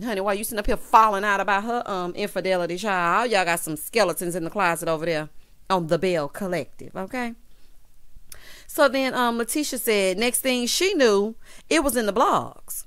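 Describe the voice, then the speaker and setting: A woman with a Southern accent talks through a reality show episode in a loose, gossipy recap style. She is sassy and theatrical, often calling people "honey" and "child." Her voice jumps between loud, emphatic bursts and quieter, knowing asides. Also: expressive, normal speed, clear, resonant tone. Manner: sassy, dramatic, keeps saying honey and child; swings between loud outbursts and low asides. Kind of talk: casual recap commentary.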